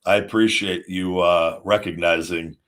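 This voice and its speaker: A man's voice: deep voice, fairly even intonation, a little slow, a bit bright. Rambling man on a live show. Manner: rambling, frequent restarts, storytelling with acted quotes. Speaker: podcast host. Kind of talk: casual live-stream chat.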